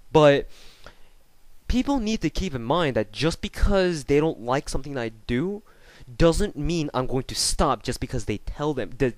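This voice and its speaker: A man's voice: medium pitch, no echo. Young man ranting angrily, dry sound. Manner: angry, profane, sarcastic ranting. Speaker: YouTuber. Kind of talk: ranting vlog commentary. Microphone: off-camera voice recording.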